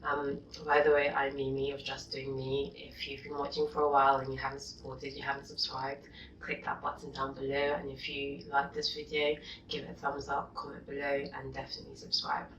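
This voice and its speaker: A young woman vlogging a rant, exasperated and indignant, going from low muttering to loud outbursts. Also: slight background noise. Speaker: YouTuber. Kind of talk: vlog rant reading comments. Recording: dull echoey room, mic at a distance.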